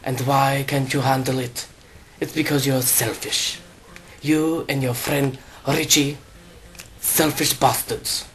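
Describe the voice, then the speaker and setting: A man's voice: medium pitch, fairly even intonation, slow, a bit bright, slight background noise. A man voicing a self-important fairy godmother woman who scolds in a formal tone. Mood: scolding.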